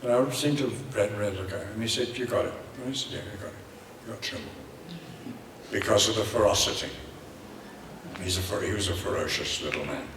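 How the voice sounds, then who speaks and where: A man's voice: fairly low pitch, a little fast, reverberant, recorded from a distance, background noise. An older man with an Irish accent, telling rambling, theatrical anecdotes as a guest on a convention panel. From Ireland. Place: large convention hall.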